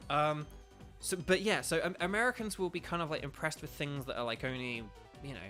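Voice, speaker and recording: Bright, chatty streamer. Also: male voice, fairly high pitch, brisk, faint music behind. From United Kingdom. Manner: rambling, filler-heavy, chatty. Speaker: gaming streamer. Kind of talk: casual livestream chat while playing.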